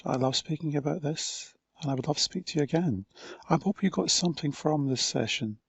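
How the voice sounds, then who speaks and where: A man giving a recorded conference talk, speaking slowly and deliberately with pauses between phrases. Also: medium pitch, gravelly, husky, no echo.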